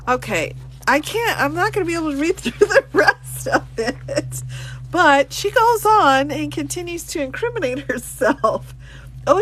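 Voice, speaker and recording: A woman's voice: high voice, fairly bright tone, a little hiss or hum, poor audio. A woman attorney hosting a live stream, reading a document aloud and reacting to chat with frequent laughter and exclamations. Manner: reads text aloud in a brisk, plain way.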